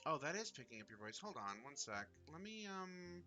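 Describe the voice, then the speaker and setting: A man streaming a game live, chatting casually in an excitable, rambling way, with frequent swearing and fillers. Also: on the high side, moderate pace, soft background music.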